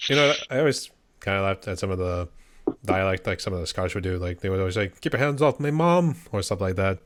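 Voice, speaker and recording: Deep-voiced man hosting. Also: quick pace, slight background noise. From Pittsburgh, USA. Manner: relaxed, curious questions. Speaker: podcast host. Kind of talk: casual interview chat.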